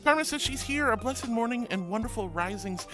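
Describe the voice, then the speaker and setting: A woman streamer greets her chat one by one in a sweet, bubbly, self-deprecating way. Her voice sits high and sounds a bit stuffy and short of breath from allergies. Music plays clearly underneath her talk. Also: lively intonation, brisk. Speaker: VTuber streamer. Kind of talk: casual chat with viewers. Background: background music.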